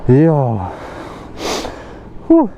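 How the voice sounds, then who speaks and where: A man's voice: medium pitch, huge pitch swings, extremely slow, vocal fry, phone-quality sound, slight background noise. A young man, chatting in casual slang while vlogging a motorcycle ride and hill climb outdoors. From England. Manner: slangy, chatty, self-talking. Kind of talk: casual vlog commentary. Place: outdoors on hills.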